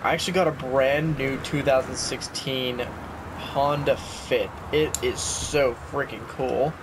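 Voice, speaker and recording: A man's voice: medium pitch, fairly even intonation, measured pace, noisy background. A young man chatting casually and self-mockingly while playing a game. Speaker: gaming YouTuber. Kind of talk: casual let's-play commentary.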